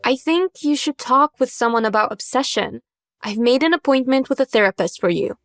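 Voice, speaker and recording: A woman playing a worried mother in a storybook tale, high-voiced and gently insistent as she pleads. The sound is dry and close, with soft music underneath. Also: lively intonation, a little fast, no echo. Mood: pleading. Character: worried caring mother of a teen.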